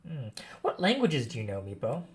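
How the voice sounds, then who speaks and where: A man narrating a tabletop game as game master, expressive and pausing often to correct himself. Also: medium pitch, husky. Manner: expressive narration with frequent self-corrections and fillers.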